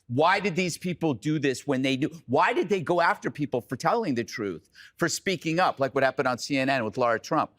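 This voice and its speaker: A man's voice: a little high, lively intonation, normal speed, a bit bright. A man hosting a TV panel, riffing in sarcastic, jokey banter. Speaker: panel host.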